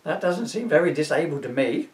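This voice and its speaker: A man's voice: fairly high pitch, big pitch swings, brisk, darkish tone, pitched above the performer's own voice. A man voicing a prim, condescending male bureaucrat. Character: smug officious male bureaucrat. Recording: roomy, from a distance.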